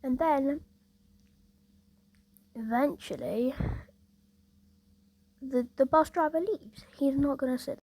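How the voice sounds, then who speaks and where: A woman's voice: high-pitched, takes it slowly, long pauses, dark tone, no echo, low-quality recording. A woman casually telling a rambling story, peppered with "like" and "obviously".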